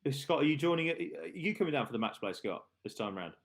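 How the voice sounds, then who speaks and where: A man hosting a live darts stream in a relaxed, chatty way. His voice sits at an ordinary middle pitch. He laughs easily and talks loosely with his co-hosts. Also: fast. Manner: chatty, laughing, reads viewer questions aloud. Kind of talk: casual live stream chat.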